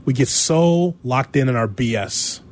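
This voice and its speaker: A man's voice: mid-range voice, measured pace. A man hosting a sports talk radio show, speaking in a reflective, conversational way. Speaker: radio host.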